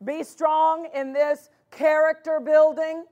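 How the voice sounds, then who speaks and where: A woman's voice: high-pitched, little pitch movement, slow, a little mellow, dull audio. A woman pastor preaching a sermon, stressing and repeating key phrases with emphatic conviction.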